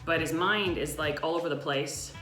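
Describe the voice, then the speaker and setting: A woman's voice: low voice, moderate pace, a bit bright, reverberant, soft background music. A Canadian woman co-hosting a casual live-stream chat, talking in a chatty way with many fillers. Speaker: co-host.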